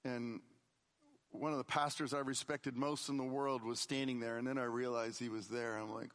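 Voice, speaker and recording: A middle-aged man preaching a conversational sermon, swinging between loud emphatic lines and quiet, low asides. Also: fairly even intonation, normal speed. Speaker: pastor.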